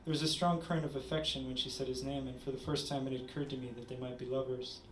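Man, story reading, measured pace, small stumbles, echoey venue, distant mic. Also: mid-range voice, little pitch movement, a bit bright, a little hiss or hum. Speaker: reader at a literary event. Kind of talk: reading his story aloud. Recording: roomy, distant audience recording.

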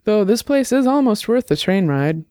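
A reader voicing a calm, wry male private investigator who questions people in a dry, level way. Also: mid-range voice, normal speed, dry recording, pitched above the performer's own voice, close to an everyday voice.

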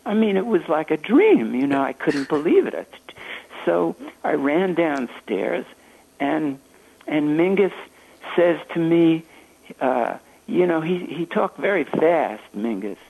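An older man, a jazz saxophonist, telling stories in a halting, anecdotal way during an interview. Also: on the high side, sing-song, creaky, a little mellow, slightly rough, rough recording. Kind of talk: reminiscing interview storytelling.

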